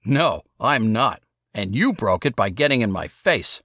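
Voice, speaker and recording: A man's voice: lowish voice, big pitch swings, a little slow, dry recording, studio quality, heavily acted. Man playing an angry young man, heated. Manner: heated, sharp retorts.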